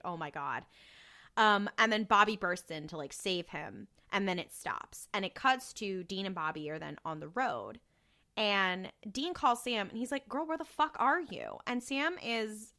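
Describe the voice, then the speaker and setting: Bright-voiced woman podcaster, joking and profane. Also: mid-range voice. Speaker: podcast co-host. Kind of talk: casual recap chat.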